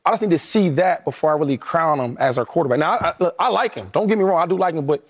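A man on a sports panel, excitable and rambling, full of "like" and "right?". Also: a little high, very fast, slightly rough. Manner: excitable, rambling, lots of fillers. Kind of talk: casual sports debate.

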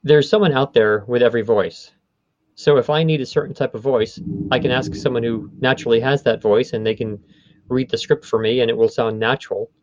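A man's voice: mid-range voice, fairly even intonation, brisk, highs cut off. A man who runs a voice studio, explaining his field in a conversational interview, often stopping to rephrase. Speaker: voice studio owner.

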